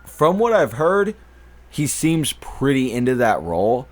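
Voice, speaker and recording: A young man co-hosting a podcast in casual chat, excitable and cursing, with quick restarts. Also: mid-range voice. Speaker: podcast co-host.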